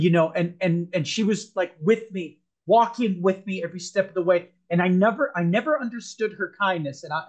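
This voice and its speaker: A man as a podcast guest, earnestly telling a personal story, rambling with frequent restarts. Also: sits high.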